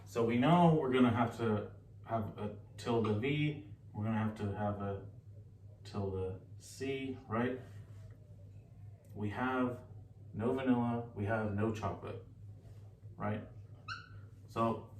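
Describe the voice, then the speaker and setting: A man giving a relaxed, chatty recorded lesson, often pausing and correcting himself. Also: medium pitch. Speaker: teacher. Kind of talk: casual recorded lecture. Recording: echoey room, distant mic, faint hiss.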